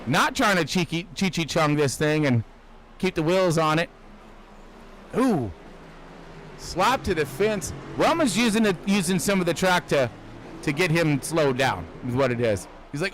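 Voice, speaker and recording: Excitable high-voiced male race commentator. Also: unhurried, a little hiss or hum, rough recording. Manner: excitable, jokey, shouts at crashes. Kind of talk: sim racing commentary.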